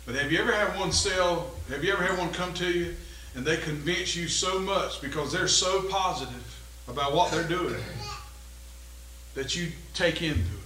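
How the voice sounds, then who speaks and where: High, bright-voiced preaching man. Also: normal speed, reverberant, slight background noise, rough recording. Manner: swings from low conversational musing to loud rising exhortation. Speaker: pastor. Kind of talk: sermon and closing prayer. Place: church sanctuary.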